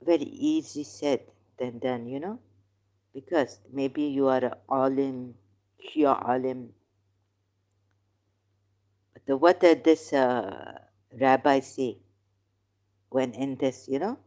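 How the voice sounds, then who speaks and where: Host for a slow, argumentative solo commentary; non-native English, mellow low-key tone. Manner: rambling, argumentative, questions the listener. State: in neck pain, groaning. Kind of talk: casual religious commentary monologue.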